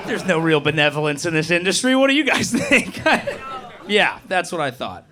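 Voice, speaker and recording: A young man doing a crude, animated stand-up set, acting out people with quick voices. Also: high voice. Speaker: stand-up comedian. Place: comedy club stage. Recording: live club recording with audience noise.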